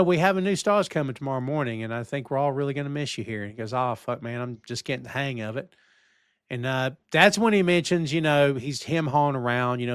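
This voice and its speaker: A man's voice: medium pitch, clear, resonant tone, dry recording, studio quality. A man hosting a casual review podcast, recapping scenes and acting out the characters' lines as he goes. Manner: animated recapping, acts out quoted lines. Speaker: podcast host.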